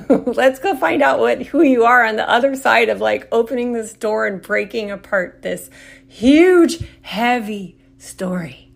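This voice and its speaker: A woman's voice: a little high, a little slow, gravelly. A woman hosting an astrology podcast, talking in a rambling, playful way with lots of "like" fillers. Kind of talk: casual solo talk.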